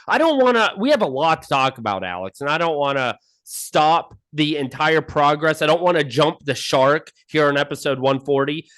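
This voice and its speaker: A man co-hosting a casual podcast over a call, ranting in mock anger and airing grievances. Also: fairly high pitch. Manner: ranting, mock-angry, animated. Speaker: podcast co-host. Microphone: remote call mic.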